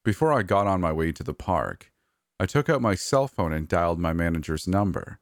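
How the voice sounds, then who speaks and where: Deep-voiced male narrator, steady scripted read, dry close sound. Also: a little fast, no room sound. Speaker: horror story narrator.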